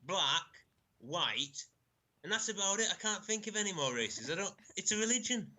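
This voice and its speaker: A man's voice: high-pitched, big pitch swings, normal speed, pushed and bright. A man calling in to a comedy show, brash and insulting, swearing freely. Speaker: caller. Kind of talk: heated call-in banter. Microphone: phone. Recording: noisy phone line.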